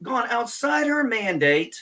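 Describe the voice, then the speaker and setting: A man's voice: very high-pitched, big pitch swings, a little slow, sharp tone. A man hosting a casual stream, ranting sarcastically and swearing freely. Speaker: streamer host.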